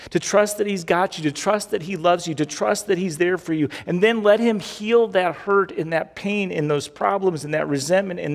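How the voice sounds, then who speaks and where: Gravelly male pastor preaching. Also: on the high side, long reverb tail. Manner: repetitive preaching cadence. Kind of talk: sermon.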